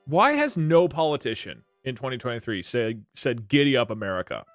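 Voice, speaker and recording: A young male streamer chatting casually with his viewers, full of rambling, wry asides. His voice swings widely in pitch, lively and animated, and music plays faintly behind him. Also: brisk, no echo. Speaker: streamer host.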